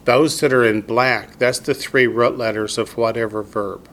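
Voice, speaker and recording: A man teaching a class, speaking patiently and deliberately and quizzing his students with questions. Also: medium pitch, fairly even intonation, a bit bright. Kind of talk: classroom lesson.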